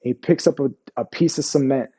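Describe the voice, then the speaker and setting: Talking fairly quickly over background noise, a medium-pitched man in his forties recounts his Army days. The veteran guest's candid storytelling rambles, turns profane, and is dotted with "you know what I mean."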